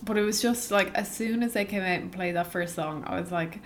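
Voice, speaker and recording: A woman, co-hosting a podcast and telling stories with lively acted-out reactions. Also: mid-range voice, fairly quick, few pauses, heavy background noise. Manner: animated storyteller, acts out her own reactions. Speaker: podcast co-host. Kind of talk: casual chat.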